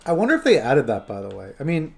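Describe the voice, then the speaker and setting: A man's voice: medium pitch, huge pitch swings, fast, creaky, soft background music. A man streaming a game, chatting casually and rambling to his viewers. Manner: rambling, chatty, talking to chat and his phone. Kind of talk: casual live-stream chat.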